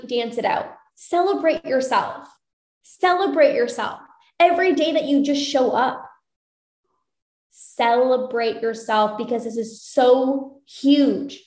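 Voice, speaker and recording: A high-voiced woman talks like an upbeat coach, cheering her listeners on and repeating her key lines. She speaks on a live stream from an echoey room. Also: darkish tone. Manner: upbeat, encouraging, repeats phrases. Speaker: binge eating coach.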